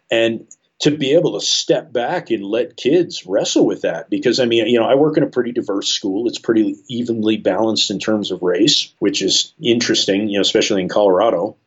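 A man, a teacher, telling a classroom story in a relaxed interview, full of "you know" fillers. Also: fairly low pitch, breathy edge, dull audio. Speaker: high school English teacher. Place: works at a school in Colorado.

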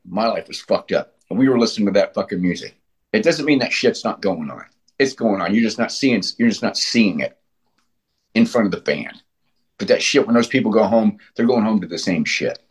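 In a relaxed interview, this middle-aged punk frontman swears freely and talks bluntly, putting animated emphasis into his stories. He speaks at normal speed in a lowish voice with a breathy edge.

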